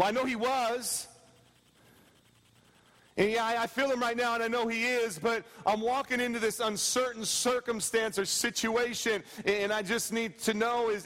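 A pastor preaching a sermon to his congregation, repeating key phrases and sinking soft and slow on them, with quick storytelling asides. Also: very high voice, steady tone, big-room sound. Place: church sanctuary.

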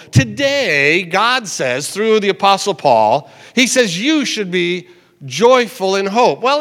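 An older man pastor preaching a sermon in a church, conversational and chatty, slowing down to repeat scripture verses. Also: high-pitched, a bit bright. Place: church sanctuary. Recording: long hall reverb.

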